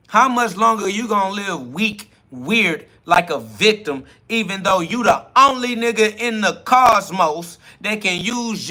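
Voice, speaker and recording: A man with a high, bright voice delivers a spiritual self-talk monologue as a podcast host. He talks bluntly and profanely, hitting back at critics. He drags out key words to hammer them home. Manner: emphatic, drawing out key words.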